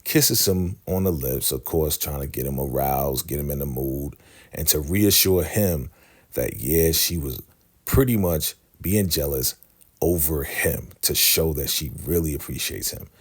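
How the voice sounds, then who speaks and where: A young man recapping a TV episode in casual narration, retelling the scenes through quick snatches of quoted dialogue. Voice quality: very deep, gravelly voice. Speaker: show host recapping a TV episode.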